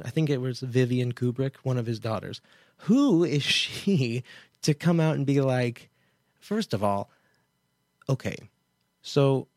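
Man, radio host, casual commentary, mid pitch, dry close sound, digressive, self-interrupting. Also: a little mellow, dry recording. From Kansas, USA.

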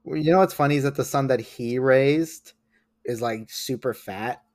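A man in his late twenties chats as a podcast guest, telling rambling, self-mocking stories that keep looping back on themselves. His voice sits at an ordinary middle pitch, and it is recorded close and dry with no room sound. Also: moderate pace, dry recording. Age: late 20s. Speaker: guest, comic artist. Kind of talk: casual podcast chat.

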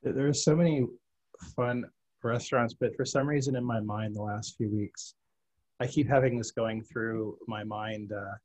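Male podcast host, mellow warm tone, playful, jokey, casual chat. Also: medium pitch, steady tone, moderate pace, low-quality recording.

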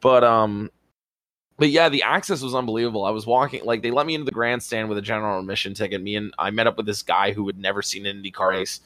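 Low-voiced man in rambling podcast chat. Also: fast, no room sound. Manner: rambling, excitable storytelling with casual swearing. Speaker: podcast co-host. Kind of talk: casual chat.

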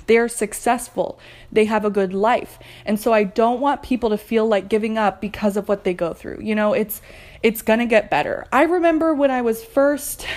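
A woman's voice: medium pitch, darkish tone. A young adult woman hosting a podcast, talking candidly and encouragingly about her own therapy, with light laughs. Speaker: podcast host. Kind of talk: personal mental health podcast talk.

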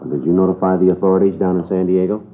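An actor playing a calm, reassuring police detective questioning a distraught witness. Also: male voice, deep voice, very fast. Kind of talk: dramatic dialogue. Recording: tinny old broadcast with faint noise.

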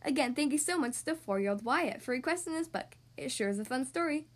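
A woman hosting a children's podcast, reading a storybook aloud in a friendly, expressive manner. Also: high-pitched, fairly quick. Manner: friendly, expressive, sing-song.

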